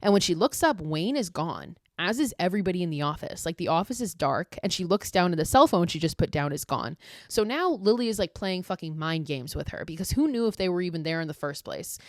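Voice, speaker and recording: A woman hosting a podcast, recapping a horror movie in casual, animated speech full of profanity and filler words. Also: lowish voice, brisk, dry recording, clean studio sound. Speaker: podcast host.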